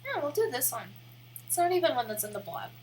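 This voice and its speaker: A woman's voice: high voice, very animated, fast, darkish tone, slight background noise, low-quality recording. A woman with a Midwestern accent, chatting casually on a livestream as she works on her screen, rambling and self-deprecating. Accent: American Midwest. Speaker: live streamer. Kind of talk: casual livestream chat while working on screen.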